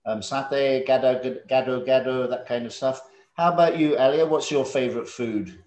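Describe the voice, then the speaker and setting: A man's voice: medium pitch, normal speed, a little mellow. A man in his fifties with a London English accent, teaching a school English lesson over a video call in a friendly, joking way. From England. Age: 50s. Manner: friendly, joking, draws students out with questions. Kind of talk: online class lesson. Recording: echoey room on a video call.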